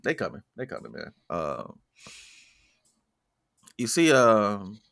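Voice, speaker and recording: A man's voice: fairly low pitch, takes it slowly, vocal fry. A man co-hosting a music podcast in casual, jokey chat. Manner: animated, jokey, breaks into loud impressions. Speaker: podcast co-host.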